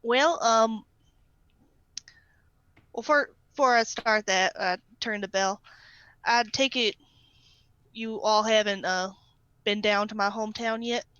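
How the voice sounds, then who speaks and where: A woman's voice: fairly high pitch, slow, long pauses, bright, forceful tone, clear, resonant tone, dry recording. A woman playing in a tabletop game, speaking hesitantly as she thinks aloud. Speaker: player. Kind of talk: casual chat at a tabletop game. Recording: dry, dull lo-fi sound.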